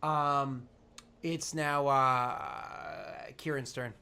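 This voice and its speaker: A man narrating a tabletop game as game master, describing the action in an unhurried, descriptive way over an online voice call. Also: mid-range voice, fairly even intonation, sharp tone, clean tone.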